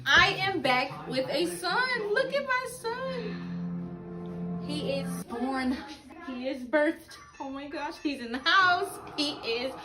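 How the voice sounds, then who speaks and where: A woman with a high, bright-sounding voice talks loudly and with excitement to her vlog audience. She gushes and coos, slipping into baby talk as she chats away in a casual home video. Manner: gushing, animated, talks loudly. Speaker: vlogger and new mother.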